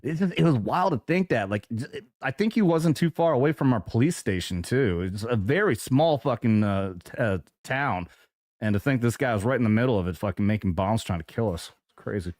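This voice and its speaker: A man, a veteran co-hosting a podcast, talking in casual profane chat with frequent halting restarts. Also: mid-range voice, lively intonation, darkish tone, dry recording, studio quality. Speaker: co-host, veteran.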